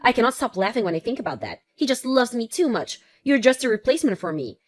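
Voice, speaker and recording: A woman's voice: fairly high pitch, very animated, fast talker. Female reader for a vain ex-wife in a text story: scornful, mocking, self-satisfied. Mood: smug. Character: cruel selfish divorced mother, vain and scornful. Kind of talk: text-message story narration.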